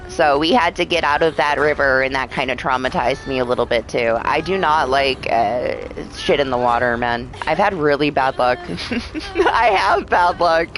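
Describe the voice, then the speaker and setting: A woman's voice: extremely low pitch, moderate pace, fairly bright tone, a little hiss or hum, rough recording. A young adult woman streaming live, telling rambling stories in casual chat, swearing often and laughing.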